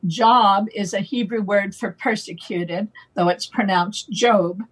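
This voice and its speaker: Slow, husky-voiced woman guest. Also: mid-range voice, fairly even intonation, low-quality recording. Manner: playful wordplay, slow and deliberate, laughs often. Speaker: guest on a talk show. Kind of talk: relaxed conversational explanation.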